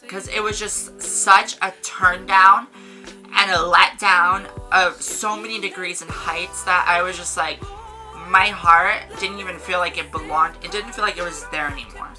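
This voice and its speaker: A young woman telling a casual storytime on her vlog, animated, swearing and saying "like" a lot. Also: lowish voice, rough recording. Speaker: vlogger.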